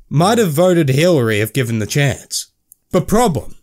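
Animated, jokey man playing a game. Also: on the high side, normal speed, soft background music. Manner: reads in-game thoughts in choppy broken grammar, swears casually, jokey. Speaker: gamer playing and reading a game. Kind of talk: let's play commentary.

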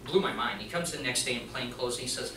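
A man giving a live training presentation to an audience, telling a story in an animated way and acting out the dialogue. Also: mid-range voice, fast, noisy background. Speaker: workplace trainer and mechanic. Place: meeting room at a hospital. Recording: roomy echo, distant mic.

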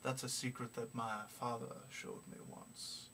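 A young man vlogging in a put-on gentlemanly Southern accent, speaking slowly and formally with many hesitant pauses from a small practice room. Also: medium pitch, level tone. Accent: put-on gentlemanly American Southern. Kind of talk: casual video diary. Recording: distant mic with faint background noise.

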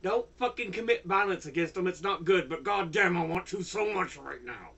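An older man giving an angry political rant, heavily profane and bursting into shouts. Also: high voice, lively intonation, normal speed, creaky, slightly rough. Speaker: YouTuber.

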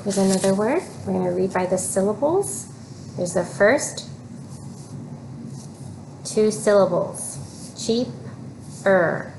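A woman teaching an early reading lesson, giving slow, clear prompts and repeating cues for children to read aloud. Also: mid-range voice, animated. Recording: noticeable background noise.

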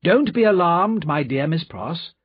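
Man doing a calm assured gentleman, measured, slow, a bit husky. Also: a little high, pitched above the performer's own voice. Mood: cool. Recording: dull lo-fi recording.

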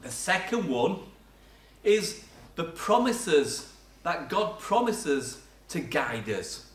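With a slightly high voice that is very animated yet slow-paced, an older man gives a sermon in a church hall. He tells chatty stories from his own life and laughs at himself, recorded from far off with echoey church acoustics.

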